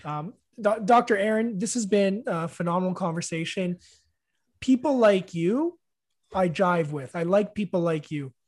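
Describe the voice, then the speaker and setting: Relaxed male interview host. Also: high-pitched, normal speed. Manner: conversational, many fillers. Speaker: podcast host. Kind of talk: casual interview conversation.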